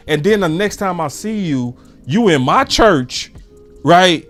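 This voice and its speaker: Young male podcast host, slangy storyteller, fairly high voice, light music underneath. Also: normal speed. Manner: animated, slangy, storytelling with quoted exchanges. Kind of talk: casual heated chat.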